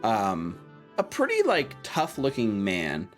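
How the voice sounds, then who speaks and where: A man's voice: fairly low pitch, wildly swooping pitch, slow, fairly bright tone, faint music behind. A young man narrating as game master, rambling with many fillers.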